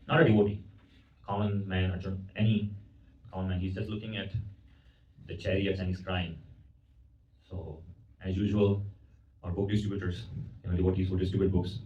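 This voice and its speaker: A man giving a devotional lecture at a temple, telling a story and asking his audience questions, often repeating words as he goes. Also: deep voice. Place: temple hall. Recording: roomy, distant, dull recording.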